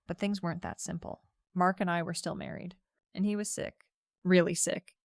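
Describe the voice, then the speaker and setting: A woman narrating a scripted first-person story in a steady, reflective way. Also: fairly low pitch, normal speed, creaky, dry recording, clean studio sound.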